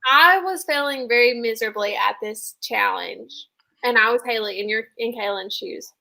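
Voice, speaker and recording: A chatty young woman co-host with a bright, forceful voice sitting a little high. She recaps in loose, quick talk, piling on "like" as she goes. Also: gravelly, poor audio. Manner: chatty, quick, says like a lot. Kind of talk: casual recap chat.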